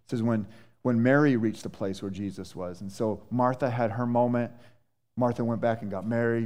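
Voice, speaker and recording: A male pastor preaching a sermon in a conversational, animated way, with many restarts and fillers. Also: medium pitch. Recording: echoey church hall.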